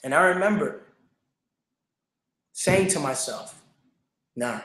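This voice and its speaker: A man's voice: high voice, animated, normal speed, a bit bright, reverberant. A young man hosting a show, telling a motivational personal story in an earnest, repetitive way with many fillers. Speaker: show host, speaker.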